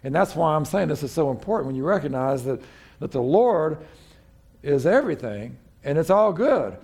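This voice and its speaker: Man, pastor, gravelly voice, folksy sermon, conversational with restarts. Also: fairly high pitch, sing-song, normal speed, a little mellow.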